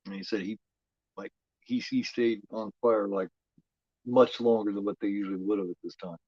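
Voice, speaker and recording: A man hosting a horror watch-along, giving profane, rambling, excitable live commentary on a film. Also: fairly low pitch, normal speed, husky, dry recording. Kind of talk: casual live movie commentary. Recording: dull lo-fi home recording.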